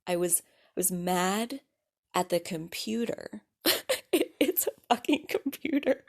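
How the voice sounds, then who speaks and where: A young adult woman hosting her own podcast, telling a personal story in a casual, animated way, full of likes, restarts, laughs and swearing. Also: on the low side, takes it slowly, gravelly. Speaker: podcast host.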